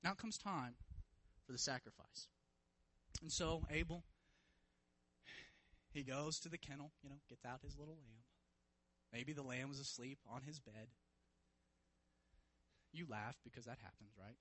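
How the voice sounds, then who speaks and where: A man preaching a sermon, retelling a story vividly and swinging from hushed to loud, emphatic passages. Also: mid-range voice, measured pace, long pauses, no echo, poor audio. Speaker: pastor.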